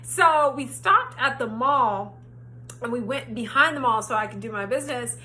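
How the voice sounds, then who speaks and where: Young woman, high voice, bright tone, casual storytelling, animated, swears freely. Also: normal speed. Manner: animated, swears freely, acts out her own quotes. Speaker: storytime vlogger.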